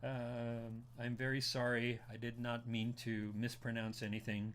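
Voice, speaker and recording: A man's voice: medium pitch, completely flat delivery, unhurried, fairly bright tone, a little hiss or hum. A man in his late forties or fifties hosting an anime talk stream, chatting casually and animatedly, rambling with frequent restarts, and laughing as he answers his chat. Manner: laughs while talking, reads chat aloud. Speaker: podcast host.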